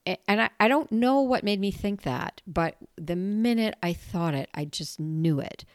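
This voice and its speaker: A woman's voice: medium pitch, expressive, normal speed, dry recording, studio quality. A woman hosting her own podcast, talking candidly and animatedly in a casual solo monologue, laughing often and swearing now and then. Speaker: podcast host.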